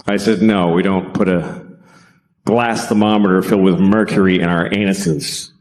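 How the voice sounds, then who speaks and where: A middle-aged man doing a stand-up comedy set on stage, deadpan and profane, acting out bits. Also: on the low side, normal speed. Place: stage before a live audience.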